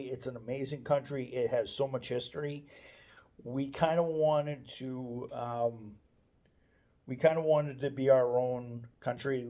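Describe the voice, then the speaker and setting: A man's voice: mid-range voice, warm tone. A man giving a casual, unscripted daily video monologue, meandering and hesitant, often stopping to restart his sentences.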